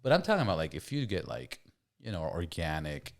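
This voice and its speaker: A man hosting a podcast in a casual debate, talking in an animated way, swearing often and repeating words as he stumbles. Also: sits low, brisk, creaky. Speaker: podcast host.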